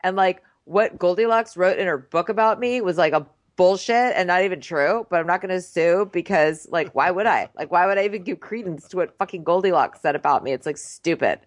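A woman's voice: on the low side, fairly quick, hardly any pauses, dry recording. Sarcastic, profane woman riffing. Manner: profane, sarcastic, fills talk with "like". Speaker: podcast co-host. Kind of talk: casual comedic recap.

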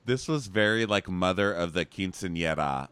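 A man's voice: sits low, animated, normal speed, fairly bright tone, clean tone, dry recording. A man co-hosting a podcast, recapping a show in casual, sarcastic chat and mocking the people he quotes. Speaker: podcast co-host.

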